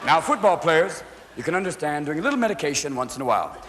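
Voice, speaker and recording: A man's voice: fairly high pitch, sing-song, quick pace. A man performing a manic stand-up comedy set, jumping between silly voices in front of a live audience. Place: large venue with a live audience. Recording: live concert recording with crowd noise. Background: audience laughter.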